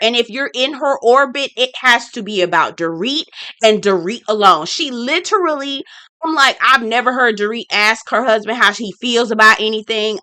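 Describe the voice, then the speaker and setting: A woman's voice: a little high, pushed and bright, clean tone, no echo, studio quality. A woman hosting a casual reality-show review vlog, blunt and sassy, talking straight to her viewers and repeating her points for emphasis. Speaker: reality TV recap host.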